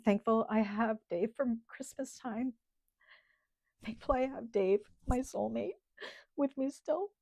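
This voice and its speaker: Gravelly-voiced woman, close to tears. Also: a little high, fairly even intonation, darkish tone, no room sound. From Canada. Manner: heartfelt, halting, with many ums. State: holding back tears. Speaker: channel host. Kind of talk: casual livestream chat.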